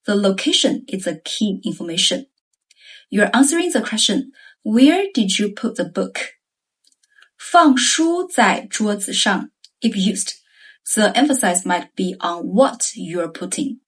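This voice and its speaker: Woman, Chinese teacher, unhurried pace, slightly husky voice, careful example sentences. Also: mid-range voice, sing-song. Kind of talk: scripted language lesson.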